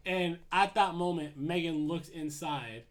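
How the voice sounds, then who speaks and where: A young man walks through a film's plot in a loose, conversational way, leaning on fillers and restarts. His voice sits a little high for a man. He speaks casually and unscripted. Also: a little slow. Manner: rambling storyteller with many fillers. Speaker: podcast host recapping a film. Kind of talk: casual chat, retelling a movie plot.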